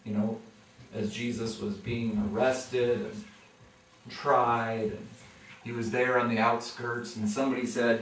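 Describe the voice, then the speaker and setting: A man preaches a sermon at an unhurried, measured pace. He acts out the people in his story, his voice climbing louder and higher whenever he quotes them. He is heard from some distance away in a strongly echoing room. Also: flat delivery, a little hiss or hum. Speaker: pastor. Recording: echoey room from far off.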